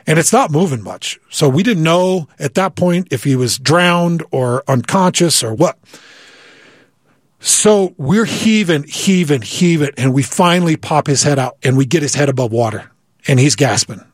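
A man recounting a personal story in an animated way, stumbling and repeating words as he builds the scene. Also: on the high side, moderate pace, no room sound, clean studio sound. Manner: vivid, repeats words, acts out quoted voices. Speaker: guest telling a story.

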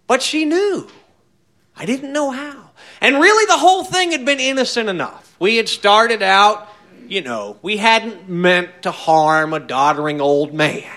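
A man telling a tall tale in a folksy, wry, drawn-out way. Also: high voice, sharp tone. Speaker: storyteller.

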